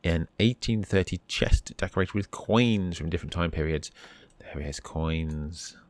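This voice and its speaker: A man's voice: low-pitched, unhurried, dry recording. A man hosting a let's play, reading the game's text aloud and adding dry asides. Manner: dry asides, reads on-screen text in a steady voice.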